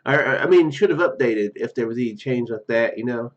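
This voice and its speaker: A man with a slightly hoarse, froggy voice talks his way through a text game in a loose, rambling way, full of fillers and false starts. His pitch rises and falls with lively swings, and the sound is dull and lo-fi. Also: brisk. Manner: rambling, self-deprecating, many fillers and restarts. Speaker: gamer reading a text adventure aloud. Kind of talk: casual let's-play commentary and reading.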